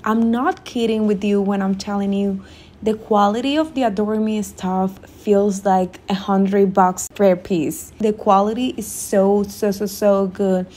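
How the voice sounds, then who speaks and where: A woman's voice: medium pitch, fairly even intonation, a little slow, mellow. A woman from Cuba, raving enthusiastically in a try-on haul vlog. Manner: enthusiastic, raving about how things feel. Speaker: fashion vlogger.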